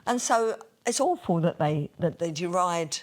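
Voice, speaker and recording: A woman in her sixties from East London with a softened Cockney accent, chatting as an interview guest and acting out quoted voices. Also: lowish voice, animated, a little slow, a little hiss or hum. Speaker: interview guest, singer and TV presenter. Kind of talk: casual interview storytelling.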